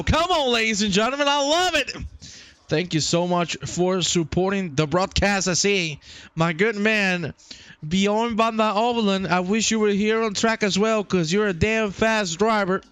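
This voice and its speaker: Playful young male sim-racing stream host, high voice, smooth and clear, chatty and excitable. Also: dry recording. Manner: playful and excitable, chats with viewers. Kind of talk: live stream commentary.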